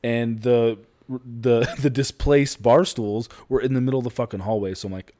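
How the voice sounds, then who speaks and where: A man's voice: medium pitch, fairly even intonation, normal speed, dark tone. A man co-hosting a podcast with his wife, casually defending himself and laughing between points. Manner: defensive, laughing, reasoning things out. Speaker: podcast co-host, husband. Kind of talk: casual couple banter.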